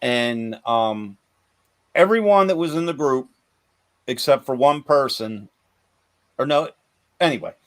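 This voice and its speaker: A man's voice: mid-range voice, lively intonation, a little slow, long pauses, no room sound. A man hosting a podcast in casual chat, affirming often and rambling with fillers. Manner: chatty, frequent fillers and affirmations.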